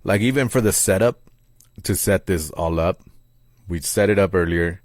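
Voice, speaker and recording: A man co-hosting a casual podcast, short of breath, taking long pauses and laughing often. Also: sits low, no echo, clean studio sound. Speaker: podcast co-host. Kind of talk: casual chat.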